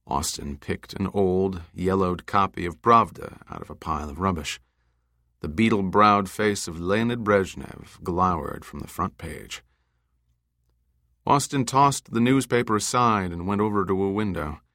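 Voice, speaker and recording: A man with a low, deep voice narrates an audiobook in a measured, deliberate way. His tone is bright and forceful, and the recording is close and dry with no room sound. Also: no echo.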